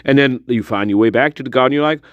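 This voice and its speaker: A man putting on a low, drawling old male spirit who teases and swears with lazy amusement. The voice dips well below his usual register and is recorded dry and close. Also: fast, dry recording, muffled recording, lightly acted. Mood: mocking. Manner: drawling, profane, teasing.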